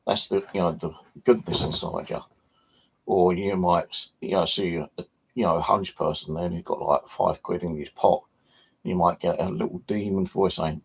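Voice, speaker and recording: Husky low-voiced man rambling. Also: moderate pace, darkish tone. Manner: rambling, many fillers, swears casually. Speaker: paranormal channel host. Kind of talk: casual livestream chat.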